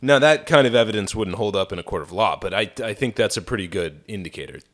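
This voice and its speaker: Lower-voiced man, blunt podcast banter. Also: expressive, fast, fairly bright tone. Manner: reactive and blunt, swears freely. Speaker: podcast co-host. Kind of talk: casual true-crime podcast chat.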